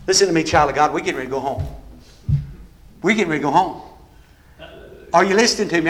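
A man preaching a sermon with call-and-response that builds into shouting. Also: a little high, racing, long pauses.

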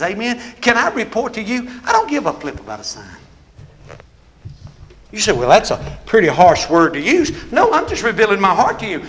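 A man preaching a sermon with call-and-response that builds into shouting. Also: high voice.

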